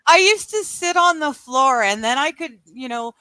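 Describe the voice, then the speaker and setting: A woman's voice: high-pitched, lively intonation, normal speed, bright, forceful tone, no echo. A woman co-hosting a casual livestream chat, agreeable but slipping in sarcastic asides. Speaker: livestream co-host.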